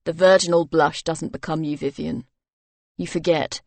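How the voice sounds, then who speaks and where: A woman voicing a frustrated, surly gentleman who mutters and growls his words. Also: low voice, fairly even intonation, moderate pace, gravelly, dry recording, pitched below the performer's own voice. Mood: acid.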